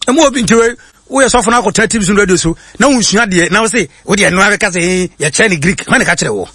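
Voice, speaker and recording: Husky-voiced Ghanaian preacher, dry close sound. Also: male voice, high-pitched, expressive, pushed and bright, no room sound. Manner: reads quotes slowly, then explains them in bursts with many hesitations. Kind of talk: sermon-style teaching, mixing English and Twi.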